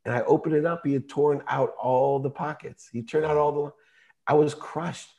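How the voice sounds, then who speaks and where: A man in his fifties, a podcast guest, telling a personal story with emotion and animated, vivid retelling. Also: fairly high pitch, normal speed, vocal fry, highs cut off.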